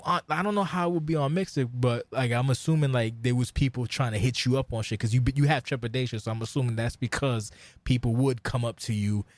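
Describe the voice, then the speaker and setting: A man's voice: medium pitch, fast, no room sound. Blunt, cursing male podcast host. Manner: blunt, profane, animated storytelling. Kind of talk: casual podcast chat.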